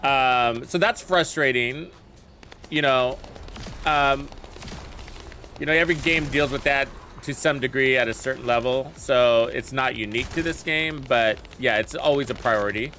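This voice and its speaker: A man's voice: mid-range voice, normal speed, pushed and bright, slight background noise. A man casually commenting on his gameplay and chatting about the game with viewers in a laid-back way. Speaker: gaming streamer.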